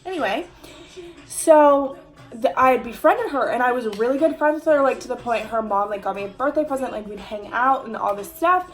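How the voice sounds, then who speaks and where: A woman's voice: a little high, fairly quick, faint music behind, low-quality recording. A young woman telling a casual storytime, chatty and full of "like" fillers and swearing, acting out the lines of the people in her story.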